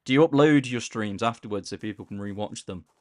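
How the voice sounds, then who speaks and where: A man casually chatting on a live gaming stream, reading chat aloud in a mellowed-out, low-key way and tripping over words as he plays. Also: fairly quick, no echo. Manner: stumbles over words while playing.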